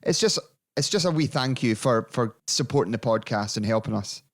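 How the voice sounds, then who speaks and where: A man's voice: mid-range voice, expressive, brisk. A man co-hosting a casual podcast, chatty and jokey as he plugs the show. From Scotland. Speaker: podcast co-host.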